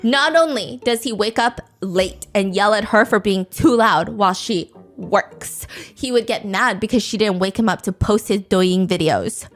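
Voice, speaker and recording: A woman host telling a story in a casual, animated way, laughing often and swearing freely. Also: mid-range voice, measured pace, hardly any pauses, soft background music.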